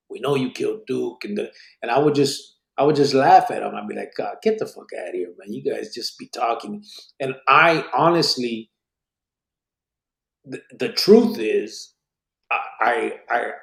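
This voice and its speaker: Gravelly-voiced man telling street stories. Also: mid-range voice, echoey room. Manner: streetwise slang, animated storytelling with swearing. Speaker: podcast host. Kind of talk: casual podcast conversation.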